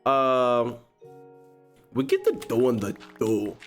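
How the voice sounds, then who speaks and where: Animated, wildly expressive male storyteller. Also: medium pitch, slow, gravelly, faint music behind. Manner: expressive, slangy, breaks into laughter. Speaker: gaming YouTuber host. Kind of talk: animated storytime while playing a game.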